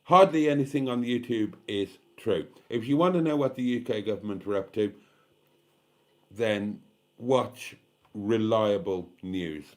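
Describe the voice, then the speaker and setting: A man's voice: fairly low pitch, measured pace. A tired, slightly tipsy British man in his fifties, chatting casually on a live stream and reading out viewer comments, swearing now and then. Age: 50s. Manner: chatty, swearing, self-deprecating. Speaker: vlogger hosting a live stream.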